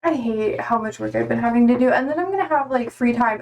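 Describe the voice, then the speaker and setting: A woman's voice: fairly high pitch, fast talker, gravelly, few pauses. A young adult woman chatting casually on a live stream from home, loose and a little sweary as she greets viewers by name.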